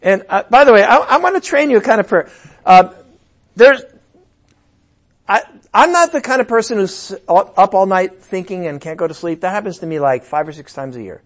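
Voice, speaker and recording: A middle-aged man preaching as a pastor in a conversational way, breaking into loud emphatic bursts. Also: sits high, expressive, normal speed. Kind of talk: sermon.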